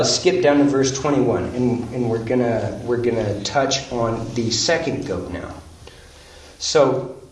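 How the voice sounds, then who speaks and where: A preacher delivers an expository sermon, reading scripture and pressing his points with slow, deliberate emphasis. His fairly high voice swings widely in pitch. He sounds set back from the mic in a roomy, echoing space. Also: distant mic. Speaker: pastor.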